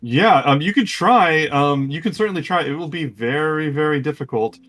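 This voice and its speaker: A man narrating a tabletop game as game master, talking in a halting way full of ums and restarts. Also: on the high side, fairly bright tone.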